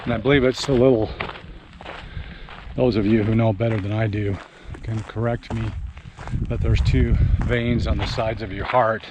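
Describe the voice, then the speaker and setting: An older man vlogging casually on a morning hike, slightly out of breath and rambling with many pauses, recorded outdoors on a handheld camera. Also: on the low side, steady tone, dull audio. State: a little out of breath. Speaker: RV travel vlogger. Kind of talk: casual walking vlog. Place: outdoors on a mountain campground hillside. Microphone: handheld camera while walking. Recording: outdoor wind and ambient noise.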